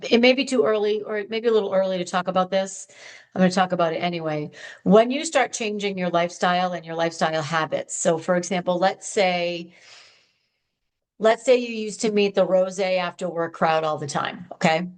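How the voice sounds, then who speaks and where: A woman hosting an advice podcast, talking in a chatty, animated way straight to her listeners. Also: medium pitch. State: hopped up on sugar. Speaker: podcast host. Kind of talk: upbeat advice podcast monologue.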